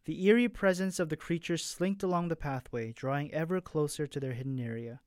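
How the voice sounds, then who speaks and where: A man with a slightly high voice reads his own story aloud in a soft, hushed way. He stumbles and restarts now and then. The sound is dry and close. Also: fairly quick, no room sound.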